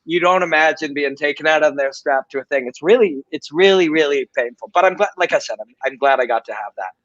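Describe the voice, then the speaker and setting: Middle-aged man, former-fighter host on a watch-party stream, slightly high voice, candid and swearing, muffled lo-fi sound. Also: quick pace, a bit bright, no room sound. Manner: candid, rambling, swears freely. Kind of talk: casual live-stream commentary and storytelling.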